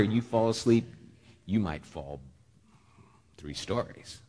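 A man preaching a sermon, telling a story with lively shifts, often dropping to a hushed voice. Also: fairly low pitch, slow pace. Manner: animated storytelling, dropping to a hush. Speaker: pastor. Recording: long hall reverb.

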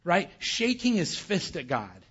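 A man's voice: high voice, very animated, a little slow, a bit bright, husky. A male pastor giving a conversational sermon who keeps asking the audience questions, on a dull recording.

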